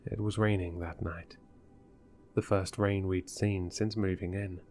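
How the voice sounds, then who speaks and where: A man narrating a horror story in a measured, deliberate way. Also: sits low, level tone, darkish tone, soft background music.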